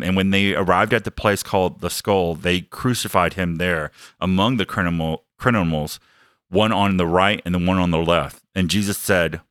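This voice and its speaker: Guy preaching a sermon, dry close sound, low voice, really emphatic. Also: moderate pace, fairly bright tone, clear, resonant tone, no room sound. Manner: emphatic, building lists with rising intensity; earnest personal testimony.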